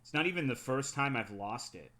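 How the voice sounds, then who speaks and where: A man's voice: medium pitch, fairly quick. A young man streaming and chatting casually, telling a story with a lot of swearing. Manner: chatty storytelling, frequent swearing, animated when excited. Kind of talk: casual chat.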